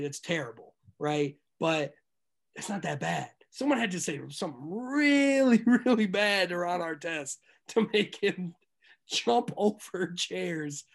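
Young male guest, lively raconteur, gets loud fast then drops low, laughs mid-story. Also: vocal fry. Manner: animated, swings from loud excitement to low asides; laughs through stories. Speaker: podcast guest. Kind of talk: casual storytelling chat.

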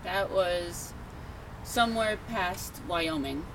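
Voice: medium pitch, takes it slowly, fairly bright tone. Easygoing New Yorker, noisy backdrop. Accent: New York. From Buffalo, upstate New York. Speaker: podcast guest. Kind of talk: casual chat.

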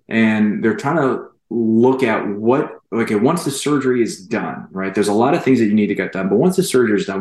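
A man with a low voice hosts an interview. His questions are long and rambling, with many fillers. His voice sounds roomy, with an echo. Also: brisk, few pauses, darkish tone. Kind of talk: conversational interview.

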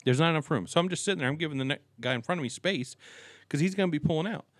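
A podcast co-host with a slightly high voice races through a rambling, filler-heavy story during a casual chat. The recording has no echo.

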